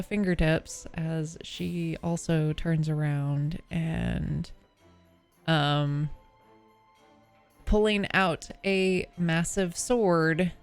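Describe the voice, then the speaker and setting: A woman's voice: lowish voice, smooth. A woman narrating as game master of a tabletop game, hesitant and full of fillers.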